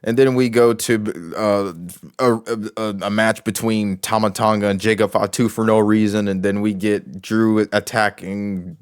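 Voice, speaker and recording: A man's voice: fairly low pitch, steady tone, measured pace, clear, resonant tone, dry recording, studio quality. A man giving casual commentary as a wrestling show reviewer, rambling with many restarts and fillers.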